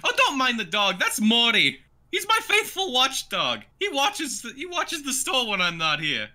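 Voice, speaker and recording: A man voicing a cheerful robed black cat merchant with a high, chirpy, welcoming shopkeeper voice. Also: huge pitch swings, moderate pace, bright, forceful tone, full character voice.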